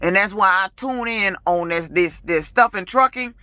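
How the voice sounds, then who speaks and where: A woman's voice: mid-range voice, normal speed, bright, forceful tone, no room sound. A woman truck driver ranting casually to her vlog audience, emphatic and authoritative, her voice rising and getting heated, with colloquial talk and repeated words. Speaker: lease-purchase truck driver.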